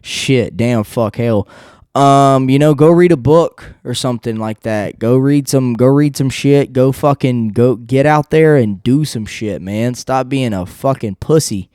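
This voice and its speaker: A man's voice: medium pitch, unhurried, darkish tone, clear, resonant tone, no echo, clean studio sound. A man hosting his own podcast, talking alone in a loose, rambling and heavily profane rant while seated. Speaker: podcast host. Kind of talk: casual solo podcast rant. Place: seated indoors without a backrest.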